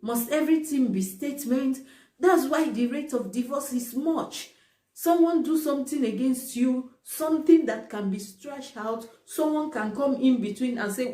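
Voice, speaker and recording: A woman's voice: high-pitched, moderate pace, mellow. A woman vlogger talking casually to camera, stressing her points by repeating them. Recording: roomy, distant from the mic.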